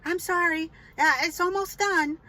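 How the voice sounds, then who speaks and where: Woman doing a squeaky flustered neighbor lady, sorry sorry sorry, all breathless. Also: steady tone, a little slow, bright, forceful tone, heavily acted. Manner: high, breathless stream of repeated apologies.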